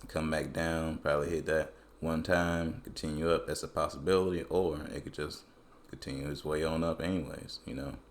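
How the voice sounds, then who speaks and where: A man's voice: very deep voice, normal speed. A man casually talking through crypto price charts in loose, colloquial speech. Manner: relaxed, colloquial, loose phrasing. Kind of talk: casual screen-recorded chart analysis.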